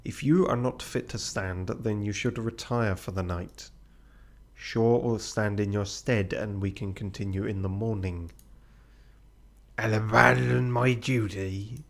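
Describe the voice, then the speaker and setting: A man voicing a blunt, dutiful ship's officer in a firm, reproachful way, in a low, gravelly voice. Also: fairly even intonation, a little slow. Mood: stern. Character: stern male ship officer, blunt and dutiful.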